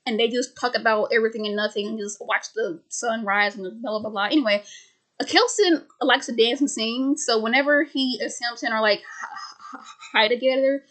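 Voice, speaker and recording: Young woman, stutters, casual film recap, somewhat high voice. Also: normal speed, a bit bright. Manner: stutters, restarts words. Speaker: video creator.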